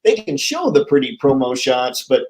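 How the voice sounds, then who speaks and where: A man's voice: mid-range voice, very animated, normal speed, a little mellow. A man hosting a live stream about toy collecting, talking casually with viewers in an upbeat, jokey way.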